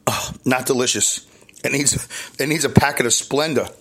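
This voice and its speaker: A man with a Brooklyn accent talks into his podcast mic from a hotel room, in a rambling, chatty way. He jokes at his own expense and keeps restarting his sentences. His voice sits at a middling pitch. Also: moderate pace, fairly bright tone, slightly rough. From New York. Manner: rambling, self-deprecating, chatty with frequent restarts. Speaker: podcast host. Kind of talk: casual solo podcast monologue.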